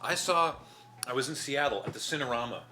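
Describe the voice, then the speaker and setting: Male stream host, bright tone, chatty and animated, talks through a mouthful. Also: mid-range voice, a little fast. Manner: animated, chatty storyteller who laughs easily; talks while eating. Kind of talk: casual chat on a charity stream.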